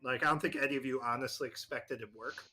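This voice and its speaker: A man acting as game master, narrating a tabletop horror game in a halting way with many fillers. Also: medium pitch, steady tone, pushed and bright, slightly rough.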